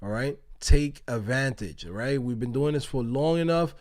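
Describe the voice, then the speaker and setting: A man hosts a casual livestream from outdoors. His speech is animated and full of profanity and quick laughs. His pitch jumps high when he acts out other people. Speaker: livestream host.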